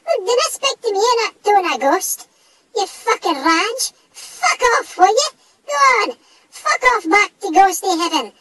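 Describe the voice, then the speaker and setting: Cocky little dog, northeast Scottish accent, very high squeaky voice, blustering and sweary. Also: male voice, expressive, normal speed, sharp tone, slight background noise, exaggerated voice, low-quality recording. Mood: defiant. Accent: Scottish (northeast, Doric). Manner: sweary, blustering tough talk. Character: foul-mouthed Scottish dog, male, small, cocky and brash.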